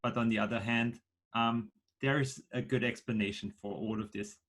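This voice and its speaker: A man's voice: medium pitch, steady tone, normal speed, a bit bright, close to an everyday voice. A man speaking in character as a blunt wanderer in a tabletop game, hesitant and full of fillers. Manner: hesitant, thinking aloud with fillers.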